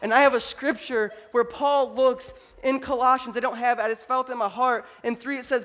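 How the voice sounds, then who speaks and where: A man's voice: very high voice, fast, few pauses, a bit bright. A man preaching a sermon as pastor, in an emphatic, conversational way. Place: church.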